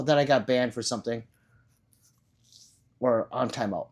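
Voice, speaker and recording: A man's voice: medium pitch, normal speed, a little mellow. A man hosting a casual livestream, rambling loosely and swearing now and then. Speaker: livestream host.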